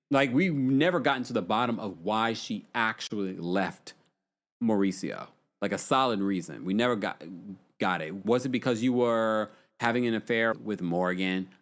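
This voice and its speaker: A man hosting a casual livestream, chatting about reality TV and reading viewer comments aloud. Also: medium pitch. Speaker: livestream host.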